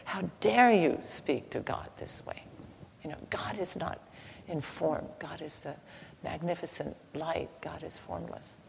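A woman voicing a stern, indignant male prophet in a spoken story, breathy and hushed. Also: low-pitched, a little slow, long reverb tail, slight background noise, heavily acted.

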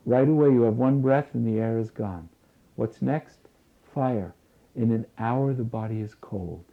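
Gravelly guy giving a spiritual talk real slow, sounds like it came over a phone. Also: medium pitch. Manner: slow, deliberate, repeats key phrases. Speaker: spiritual teacher. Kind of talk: spiritual lecture. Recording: tinny phone-like lo-fi recording.

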